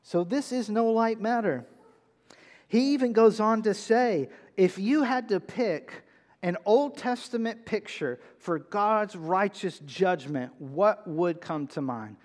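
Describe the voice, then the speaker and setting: A man preaching a sermon, reading scripture and explaining it, with emphatic, drawn-out shouts on key words. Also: high-pitched, animated, big-room sound. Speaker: pastor.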